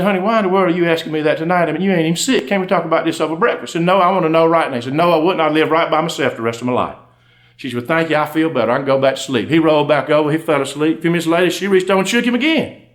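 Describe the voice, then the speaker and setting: Fast-talking Southern country undertaker. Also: male voice, high-pitched, a bit bright. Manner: folksy, drawling, breaks into laughs at punchlines. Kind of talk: comic storytelling to a live audience. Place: stage before a live audience.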